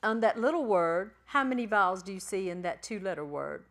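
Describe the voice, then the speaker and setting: A woman teaching a church class, patiently spelling out letters and sounding out syllables slowly. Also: medium pitch, expressive. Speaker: Bible Greek teacher.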